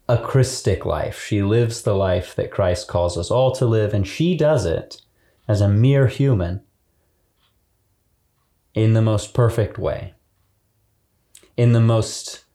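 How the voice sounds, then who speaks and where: Slow, mellow-voiced priest explaining. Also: male voice, on the low side. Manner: slow, thoughtful, laughs easily. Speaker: priest podcast co-host. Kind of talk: casual theological explanation.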